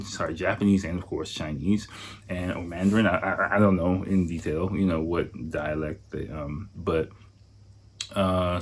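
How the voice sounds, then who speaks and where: A man hosting a podcast, telling a story in a rambling, profane way full of fillers like "like" and "you know". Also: low-pitched. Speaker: podcast host. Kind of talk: casual storytelling monologue.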